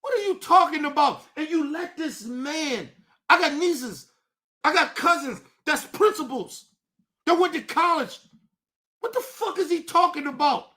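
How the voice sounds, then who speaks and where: A man hosting his own show, delivering an impassioned, profane commentary rant that swings between shouting and low, intense talk. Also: expressive, measured pace. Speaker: show host.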